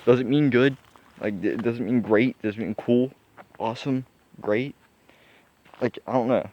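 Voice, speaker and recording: A man's voice: mid-range voice, normal speed. A young man musing aloud in a casual vlog, rambling with many fillers and restarts. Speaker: vlogger. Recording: dull lo-fi sound.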